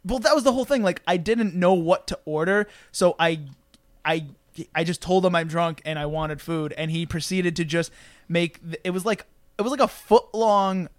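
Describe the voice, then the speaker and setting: A man's voice: sits high, normal speed, no room sound. A young man in casual podcast chat, rambling and self-deprecating, with frequent swearing and restarts.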